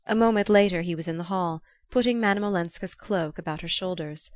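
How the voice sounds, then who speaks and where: A woman narrating a classic novel aloud in a measured, even storytelling manner. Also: fairly low pitch, no echo. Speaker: audiobook reader. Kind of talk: scripted narration.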